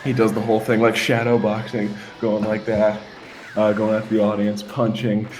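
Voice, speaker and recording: A man narrates his move in a tabletop role-playing game. He pauses and hesitates often. His voice is low. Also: completely flat delivery, darkish tone, soft background music. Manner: hesitant, filler-heavy. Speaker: player.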